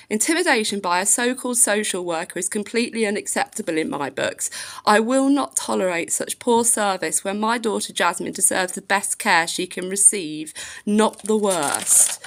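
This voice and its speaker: This woman's voice is mid-range, creaky, and fairly bright. An adult parent and vlogger, she tells an angry story about a social worker in a casual rant, swearing freely and reading a complaint letter aloud.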